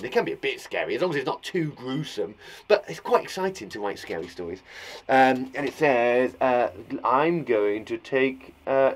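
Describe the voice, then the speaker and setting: An English teacher in his younger years talks to small children, bubbly and animated. His voice sits fairly high and swoops up and down a lot. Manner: bubbly and animated, reading out kids' work. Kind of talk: lively children's lesson.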